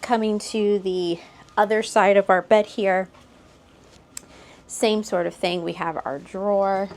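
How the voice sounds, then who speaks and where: A woman's voice: medium pitch, steady tone, slow pace, a little mellow. A young American woman vlogger narrating a casual walkthrough of a cruise ship cabin, pointing things out and laughing lightly. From United States. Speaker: vlogger giving a room tour.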